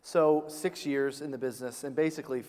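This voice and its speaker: A male host asking questions in an interview, energetic and often rephrasing himself. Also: medium pitch, brisk, big-room sound.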